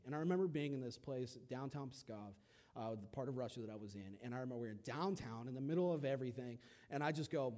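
A young man preaches a casual sermon at a fast clip, telling stories with animated, acted-out quotes and big swings in loudness. His voice is medium in pitch.

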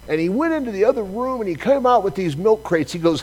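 A man preaching a sermon, telling a personal story with lively acted-out dialogue. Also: fairly high pitch, fairly quick, rough recording. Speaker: pastor.

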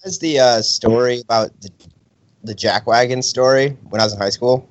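A young man casually chatting as a podcast co-host, telling an animated story and acting out the people in it. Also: medium pitch, normal speed, no room sound. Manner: animated storyteller, acts out quotes. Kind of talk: casual chat. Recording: dry, slightly dull sound.

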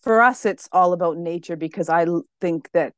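A middle-aged woman speaks as a podcast guest, friendly and earnest, in a slightly low voice. The recording is dry and close. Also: normal speed, dry recording. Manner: friendly, laughs easily, earnest. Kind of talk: podcast interview.

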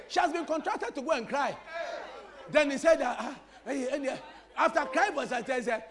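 A man's voice: very high voice, moderate pace. A male pastor preaching a sermon, repeating phrases and teasing the congregation with humor. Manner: animated preaching with repetition and crowd-teasing humor.

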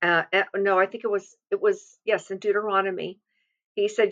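A woman's voice: mid-range voice, steady tone, moderate pace, a bit bright, lo-fi sound. A woman giving an earnest, confiding devotional sermon, reading scripture and speaking from personal experience with frequent restarts.

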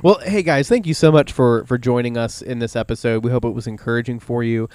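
A man's voice: medium pitch, fast talker, darkish tone, clear, resonant tone, no echo. A man co-hosting a casual family podcast about faith and ministry, joking with his family and closing the episode. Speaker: podcast co-host.

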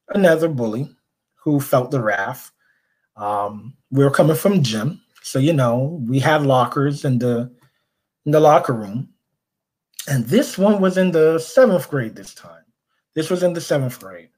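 A man from Brooklyn, a guest on a podcast, telling a long personal story in easy conversation. His voice sits a little high for a man. He keeps it animated and slips into the voices of the people in his story. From Brooklyn, New York. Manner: animated, acts out the people he quotes.

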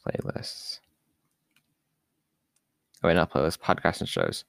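A man's voice: low voice, sing-song, slow pace, vocal fry, fairly bright tone, dry recording. A man hosting a podcast on his own, talking in a casual, rambling way with lots of fillers and asides. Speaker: podcast host. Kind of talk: casual solo podcast talk.

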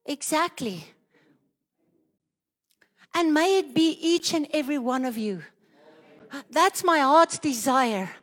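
Woman, preacher, high voice, slow delivery, charismatic sermon, rhythmic declarations, breathless at times. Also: animated, in a large hall. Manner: rises into loud rhythmic declarations, speaks in tongues.

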